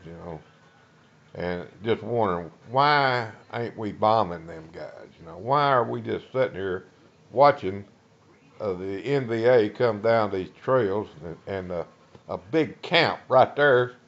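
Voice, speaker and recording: An older man from Texas with a Texan accent, a veteran telling a personal war story in a folksy, halting way, full of uh's and restarts. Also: lowish voice, animated, dull audio. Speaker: Vietnam veteran.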